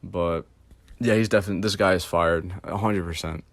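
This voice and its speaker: A man's voice: low voice, fairly even intonation, a little fast, no room sound. A man, the host of his channel, telling a story in a casual, rambling way, full of swearing and fillers. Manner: rambling and profane, heavy fillers.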